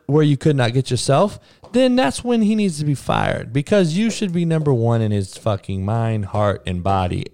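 A man's voice: mid-range voice, darkish tone, no room sound, studio quality. A man who is a coach and podcaster, delivering a heated monologue rant in a blunt, profane, preachy way.

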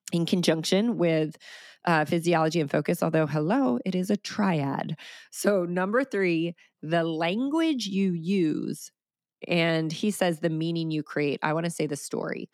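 Energetic woman podcast host, dry close sound. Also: low voice, no room sound. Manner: energetic, animated storytelling with quoted asides. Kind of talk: solo podcast talk.

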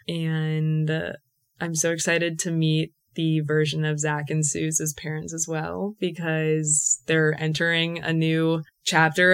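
In a casual solo podcast, a young woman recounts something personal, emotional and chatty, leaning heavily on "like." Her voice sits low, with a slightly bright, clean tone.

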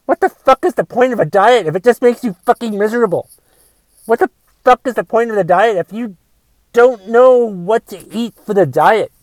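A man's voice: high-pitched, fast, few pauses, mellow, no echo, natural voice. A man voicing an irritated adult man who rants with incredulous, profane questions about a friend's diet. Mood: exasperated. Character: exasperated adult man ranting about diets. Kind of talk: comic rant in character.

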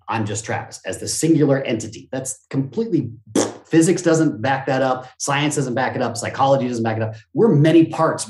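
A middle-aged man talking as an interview guest, with an energetic, expansive motivational speaker's delivery. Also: mid-range voice. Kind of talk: animated conversational interview. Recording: roomy echo.

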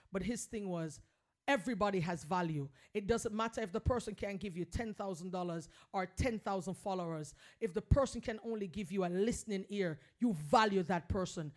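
Brief: woman podcast host, earnest and emphatic, mid-pitched, preachy encouragement. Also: brisk. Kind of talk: heartfelt motivational podcast talk.

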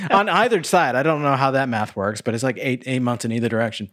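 A man's voice: mid-range voice, fast, few pauses, a bit bright, no echo. Rambling man with a dry close mic. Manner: rambling, many fillers and restarts. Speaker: podcast co-host. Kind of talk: casual chat.

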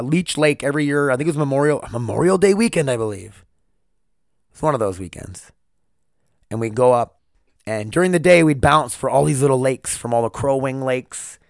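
A man's voice: mid-range voice, no echo, clean studio sound. A man hosting his own podcast, rambling and swearing in a confessional solo monologue at home. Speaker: podcast host. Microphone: single podcast mic.

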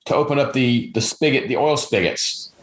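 A man's voice: medium pitch, moderate pace, a little hiss or hum. Blunt opinionated man, echoey room. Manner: blunt, opinionated, with frequent fillers. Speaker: podcast host. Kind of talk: political chat.

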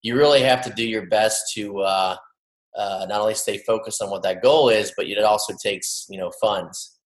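A man's voice: lowish voice, normal speed, reverberant, rough recording. A man in his late thirties from Cincinnati, a friendly, easygoing podcast guest speaking over a remote call. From Cincinnati, Ohio. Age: 30s. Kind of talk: casual interview talk.

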